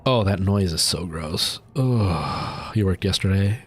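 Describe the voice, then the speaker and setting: A young gamer streams live in a low voice at a measured pace, chatting with his viewers. When something attacks him, he breaks into loud, panicked yelps.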